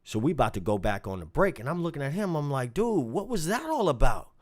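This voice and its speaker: A man telling a story from his gigs in a casual vlog, swinging from low muttering to loud outbursts. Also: a little fast, few pauses. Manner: animated, swings from muttering to shouting. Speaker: bass player telling a story.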